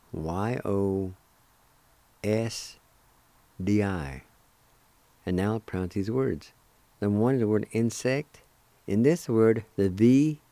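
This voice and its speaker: A man gives a language lesson in a mellow, lowish voice, spelling and sounding out words syllable by syllable. He speaks very slowly and deliberately. The sound is dry and close. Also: dry recording. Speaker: radio language teacher.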